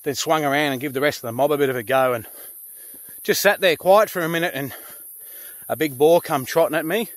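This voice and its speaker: A man's voice: fairly high pitch, dry recording. A man with an Australian accent, a pig hunter and channel host talking casually to camera outdoors in the country, blunt and swearing freely. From Queensland, Australia. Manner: blunt, swearing, laid-back bush talk. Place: outdoors in rural cane country.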